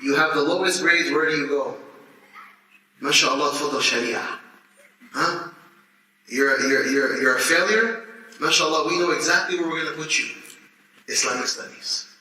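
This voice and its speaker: A man in his thirties, teaching students and telling stories in an animated way, with laughter and restarts. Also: fairly high pitch, moderate pace, pauses often. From United States. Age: 30s. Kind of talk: lecture to students. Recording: echoey hall, distant mic, faint noise.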